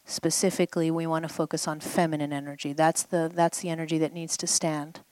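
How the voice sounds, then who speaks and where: A woman's voice: low voice, little pitch movement, a little fast, a little mellow, no room sound. A woman healing coach guiding a participant through an exercise at a live event, coaxing and repeating phrases for the listener to say back. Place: live event before a group.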